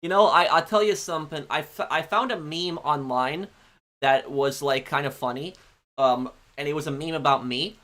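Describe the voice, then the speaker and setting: A man live-streaming a game, chatting casually with viewers in a rambling, halting way full of ums and restarts. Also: on the high side, fairly bright tone. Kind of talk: casual chat answering viewers.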